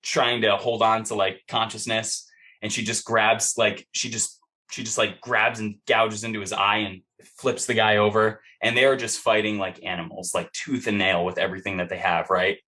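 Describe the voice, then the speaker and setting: Male game master, low and forceful, narrates a fight in loose, profane, filler-heavy style. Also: fairly even intonation, moderate pace. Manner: vivid, profane, rambling narration with many fillers.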